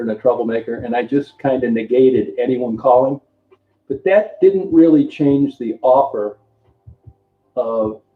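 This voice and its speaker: An older man hosting a casual livestream, rambling and greeting viewers by name between remarks. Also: medium pitch. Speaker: livestream host. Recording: tinny phone-like sound in an echoey room, faint music.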